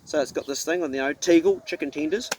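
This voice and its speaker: A man's voice: a little high, fast, darkish tone, slight background noise. A middle-aged man with a New Zealand accent, a hunting vlogger ranting casually to camera in a blunt, profane, folksy way.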